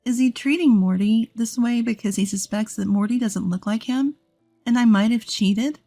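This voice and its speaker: A woman in her thirties telling a first-person story in a steady, earnest scripted narration. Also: on the high side, moderate pace, no echo, faint music behind. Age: 30s.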